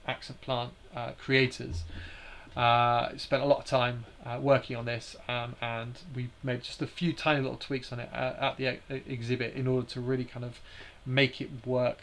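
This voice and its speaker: A man's voice: medium pitch, flat delivery, normal speed, a bit bright. A man hosting a live stream, explaining slides in a hesitant way with many fillers and restarts.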